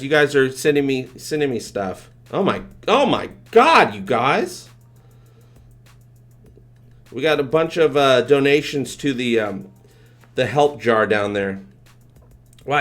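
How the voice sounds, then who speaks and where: A man hosting a live stream, chatting casually and excitedly, rambling and thanking his viewers. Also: mid-range voice. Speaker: livestream host.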